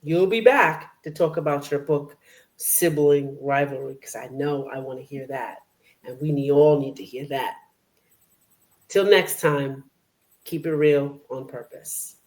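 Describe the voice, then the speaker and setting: Low-pitched woman host wrapping up her show, upbeat and encouraging. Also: unhurried. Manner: warm backchannel, upbeat sign-off. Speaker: podcast host. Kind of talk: casual interview talk, show outro.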